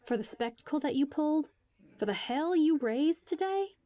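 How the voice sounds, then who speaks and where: A woman's voice: mid-range voice, steady tone, normal speed, no echo, natural voice. A woman reading a story aloud, voicing a feisty young woman who speaks sharply and with disbelief. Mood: indignant. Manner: sharp and incredulous.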